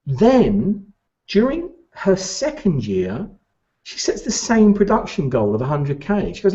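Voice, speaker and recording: A man's voice: sits high, huge pitch swings, a little slow, dark tone, lo-fi sound. A man giving a motivational training talk to recruitment business owners, emphatic and repeating his key points.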